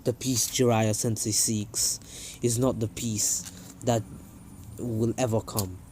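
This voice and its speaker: A cold, solemn ninja leader, put on by a young man for a fan story. The voice sits low and drags slowly, quiet and grave. The tone stays menacing and controlled throughout. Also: little pitch movement, slight background noise.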